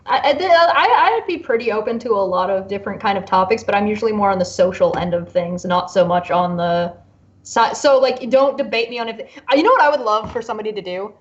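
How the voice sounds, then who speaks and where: A woman's voice: mid-range voice, a little fast, highs cut off. A woman guest in a casual panel chat, playful and joking as she talks. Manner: playful, laughs and jokes between points.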